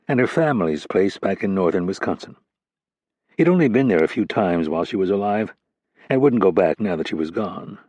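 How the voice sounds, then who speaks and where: A man narrating a thriller audiobook in a measured, steady storytelling voice. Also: lowish voice, husky, no echo, highs cut off.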